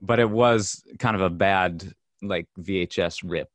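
A man co-hosting a casual podcast about movies, talking in a halting way with many fillers and restarts. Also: sits low, no room sound. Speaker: podcast co-host. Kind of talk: casual film discussion.

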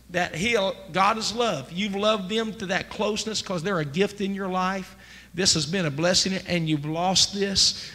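A man preaching a sermon as pastor, emphatic and rising to near-shouts. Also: high-pitched. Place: church sanctuary. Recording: church sanctuary with long reverb, faint noise.

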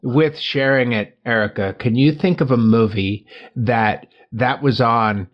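A man hosting a casual chat, asking questions and going off on quick, rambling asides. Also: medium pitch, dull audio.

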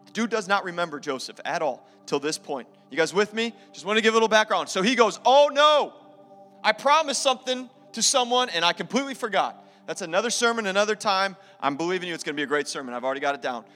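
A man's voice: sits high, expressive, quick pace, hardly any pauses, sharp tone. A man preaching a sermon to his church, emphatic, mixing scripture reading with casual asides. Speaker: pastor. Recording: live sermon in a reverberant church hall with faint music.

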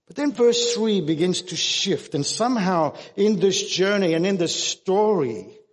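A man's voice: high voice, lively intonation, unhurried, big-room sound. A man preaching a sermon as pastor, earnest and emphatic, often restarting his words.

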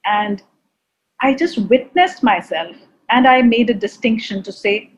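A woman's voice: fairly high pitch, animated, measured pace. Earnest woman, muffled recording. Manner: earnest, with light laughs and repetitions. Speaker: guest. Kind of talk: reflective conversation on mindfulness.

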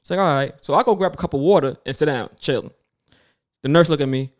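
A man in his thirties, pitched a little high, spins a story in loose conversation. He acts out everyone's lines in lively bursts and curses freely. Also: fast talker. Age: 30s. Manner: animated, acts out other people's lines, swears freely. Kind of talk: casual storytelling chat.

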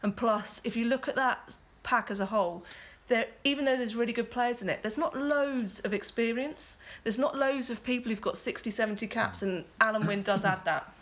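A woman's voice: on the high side, normal speed, fairly bright tone. A woman analysing rugby in a casual discussion, speaking fluently and analytically, with a habit of saying "like". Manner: fluent, analytical, uses filler 'like'. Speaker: rugby pundit.

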